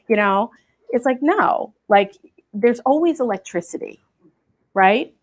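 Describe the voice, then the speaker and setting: A woman giving a spiritual talk to a group, telling a personal story in a chatty, animated way with many fillers. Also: mid-range voice, a little slow. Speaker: guest speaker. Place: spiritual center gathering.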